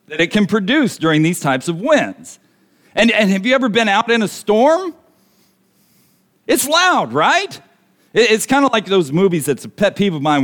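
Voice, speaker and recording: A man preaching a sermon, animated and asking his listeners rhetorical questions. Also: high-pitched. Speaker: pastor.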